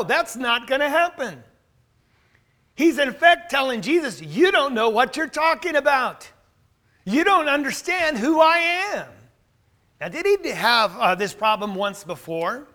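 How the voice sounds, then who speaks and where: Male pastor, high and bright voice, earnest sermon delivery. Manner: earnest preaching, quoting scripture with rising emphasis.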